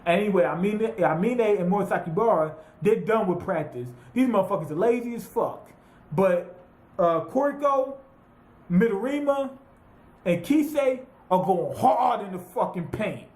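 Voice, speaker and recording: Male anime reviewer, high voice, loose profane recap, roomy echo. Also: moderate pace. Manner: profane, rambling, animated retelling with quoted voices. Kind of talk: casual recap monologue.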